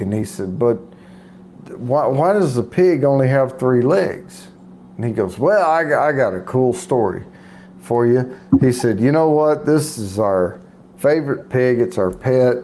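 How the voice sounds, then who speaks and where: A man working through a long joke among friends, circling back with restarts and little asides. His voice is mid-pitched and ordinary, with a faint hiss in the background. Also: animated, unhurried, mellow. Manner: rambling, with many restarts and asides. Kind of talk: telling a long joke in casual chat.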